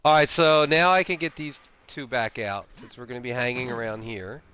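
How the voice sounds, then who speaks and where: Bright-voiced man rambling over gameplay. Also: mid-range voice, normal speed, slight background noise. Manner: rambling, thinks aloud with many fillers. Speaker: streamer. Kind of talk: casual gameplay commentary.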